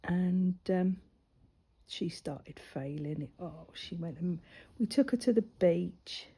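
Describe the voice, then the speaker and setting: Warm and husky at a fairly low pitch, this woman takes her time as she colours. The crafting vlogger, mother to a grown daughter, chats and rambles through a personal story, her voice frequently sinking almost to a whisper.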